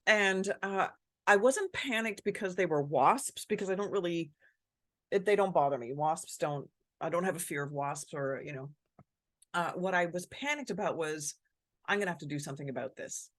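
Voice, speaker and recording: A woman vlogging from home, telling a personal story in a candid, expressive way and swearing freely. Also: on the low side, moderate pace, no room sound, clean studio sound. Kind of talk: casual personal storytelling to camera.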